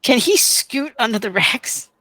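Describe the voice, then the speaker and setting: A woman's voice: on the high side, expressive, a little slow, sharp tone, no echo, poor audio. A woman playing a tabletop game, joking and hesitant as she plans her character's moves. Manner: joking, hesitant, lots of fillers. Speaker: player. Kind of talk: casual tabletop play.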